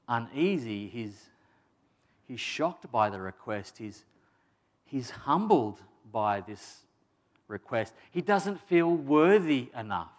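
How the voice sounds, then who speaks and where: A man delivering a sermon in a chatty, emphatic manner, pitched in a middling range. He restarts phrases and drops in casual asides as he explains. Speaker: preacher.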